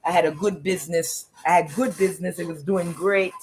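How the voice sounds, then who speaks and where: Put-on voice: broke Rasta man with a mock Jamaican accent, slow and grumbling, curses a lot, mid pitch, faint noise behind. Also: steady tone, close to an everyday voice. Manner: slow, mumbling, cursing complaints. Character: broke male Rasta street vendor, grumbling.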